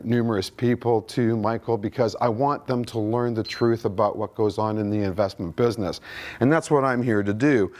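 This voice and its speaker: A man's voice: on the low side, a little mellow. A man, speaking as a guest at an investing conference. He tells anecdotes, acts out both sides of remembered conversations, and quizzes the audience with show-of-hands questions. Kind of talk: seminar storytelling talk. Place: indoor conference room.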